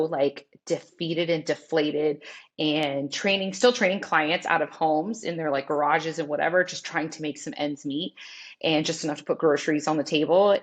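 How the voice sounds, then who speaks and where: A woman in her forties, a fitness trainer and interview guest, telling a personal story in a candid, rambling way and often quoting herself. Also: sits low.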